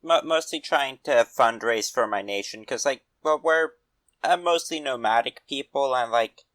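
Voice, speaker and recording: A man's voice: medium pitch, moderate pace, fairly bright tone, no echo. A young man playing his character in a tabletop game, easygoing and thinking aloud. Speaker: player. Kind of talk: tabletop role-play.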